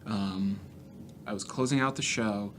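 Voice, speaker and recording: A man's voice: lowish voice, a little slow, slight background noise. A man, a stand-up comedian, telling profane road stories as a podcast guest. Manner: profane, animated storyteller. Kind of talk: casual storytelling.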